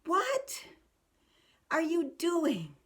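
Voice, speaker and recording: Upset little kid in tears, high and whiny, voiced by a woman. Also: wildly swooping pitch, extremely slow, full character voice. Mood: tearful. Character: upset young child crying after being teased.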